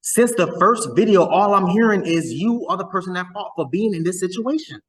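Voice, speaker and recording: A man's voice: high voice, fairly quick, husky, rough recording. A man hosting a reaction video, chatting casually and often repeating words as he stumbles through his thoughts.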